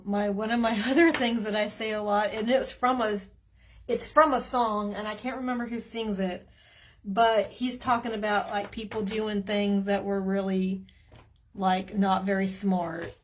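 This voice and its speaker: A woman's voice: medium pitch, steady tone, unhurried, a little hiss or hum. Chatty Southern woman livestreaming. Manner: teasing, chatty, drawling with Southern sayings. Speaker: livestream host. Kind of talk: casual livestream chat.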